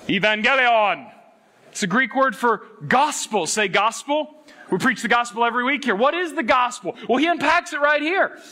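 A middle-aged man preaching a sermon, animated and playful, acting out quotes and jokes between readings. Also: very high voice, moderate pace. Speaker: pastor.

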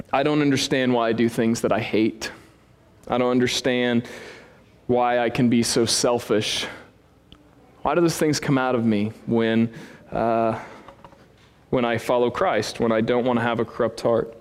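A man preaching as a pastor, telling a self-deprecating story with big swings in pitch. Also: level tone, a little slow, pauses often. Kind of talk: sermon. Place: church hall with a congregation. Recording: long reverb of a church hall.

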